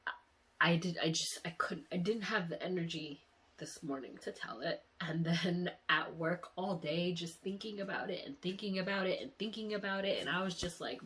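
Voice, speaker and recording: A woman's voice: lowish voice, normal speed, fairly bright tone. A woman vlogger talking casually to her viewers, teary and emotional, sighing often and speaking candidly with some swearing. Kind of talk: casual dream-diary vlog.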